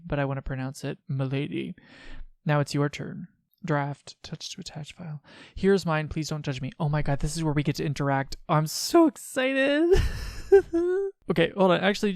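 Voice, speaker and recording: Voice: medium pitch, fairly even intonation, quick pace, gravelly, dry recording, clean studio sound. A let's play host giving casual commentary, chatty, with frequent laughs and sarcastic asides.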